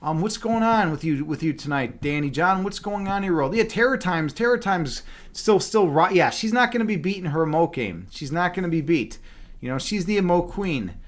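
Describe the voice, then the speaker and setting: A man's voice: sits high, animated, brisk. A man chatting casually on a livestream as a chess instructor. He rambles and fills his talk with "like" and "you know". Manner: talks loudly at times.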